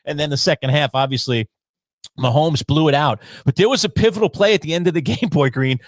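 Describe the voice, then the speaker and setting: A man co-hosting a casual fantasy football talk show, telling stories animatedly and acting out his own yelling. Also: a little high, a little fast, no room sound. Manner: animated storyteller who acts out his own shouting. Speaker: podcast co-host.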